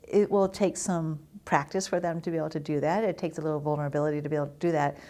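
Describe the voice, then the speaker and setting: Woman, middle-aged, lowish voice, earnest, teaching parents. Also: fairly even intonation, quick pace, dark tone. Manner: earnest, explanatory, acts out children's quotes. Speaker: family therapist and trainer. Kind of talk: educational talk to parents.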